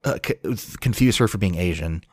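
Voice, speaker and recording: In a dry, studio-quality recording, a low, expressive male voice with a slightly mellow tone chats at normal speed. He's a podcast co-host, rambling casually with plenty of fillers and restarts.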